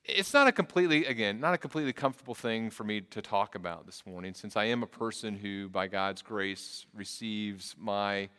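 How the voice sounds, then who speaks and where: A man's voice: on the low side, a little fast, few pauses, pushed and bright, clean tone. A middle-aged man preaching a sermon as pastor in a church, earnest and conversational, often restarting his sentences. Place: church sanctuary. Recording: long reverb in a large hall.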